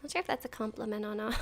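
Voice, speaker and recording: A tired woman streaming a game, chatting casually and swearing, and sometimes talking to her dogs in a high baby voice. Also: quick pace, soft background music. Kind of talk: casual gameplay commentary.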